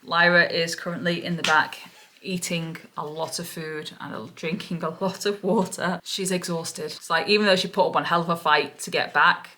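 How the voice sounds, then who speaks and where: Woman, vlogger, emotional, relieved, gushing, repetitive, lowish voice. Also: steady tone, moderate pace, pushed and bright, a little hiss or hum. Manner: gushing, repeats herself over and over. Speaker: parrot-keeping vlogger. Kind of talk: emotional vlog retelling.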